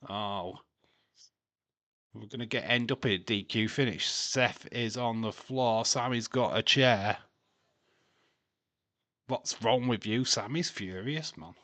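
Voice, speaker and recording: On a live wrestling watch-along, the host speaks slowly on the low side, pausing often, with a fairly bright tone in a dry recording. His commentary is casual and chatty, and he often laughs while reading and teasing his chat.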